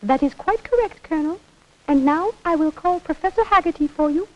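A woman's voice: very high voice, animated, brisk. An actress voicing a prim, precise female alien secretary in a 1960s cartoon, speaking in formal, exact phrases. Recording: dull old cartoon soundtrack with faint hiss.

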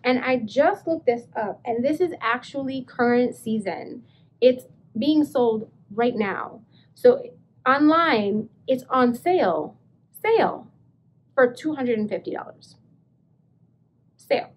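A woman vlogging about thrift finds, chatty and animated, telling her story with excited bursts. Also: on the high side, a little slow, a little hiss or hum. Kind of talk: casual vlog, showing thrift finds.

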